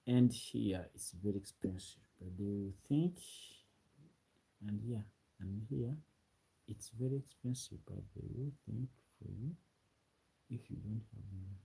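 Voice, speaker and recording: A man's voice: fairly low pitch, a little slow, creaky, dark tone, breathy edge, low-quality recording. A man from Uganda with a Ugandan English accent, chatting casually on a late-night live stream and reading out viewer comments. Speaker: livestreamer. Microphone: ring light setup, webcam.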